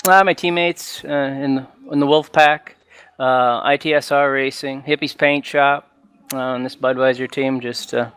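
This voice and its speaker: A man with an American accent, a runner-up driver answering in a halting way with many fillers. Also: mid-range voice, fairly even intonation, a bit bright, clean tone.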